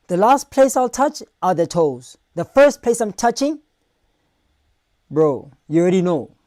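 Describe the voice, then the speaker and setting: Loud man reacting on stream. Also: high-pitched, no room sound, clean studio sound. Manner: loud, animated, crude banter with put-on voices.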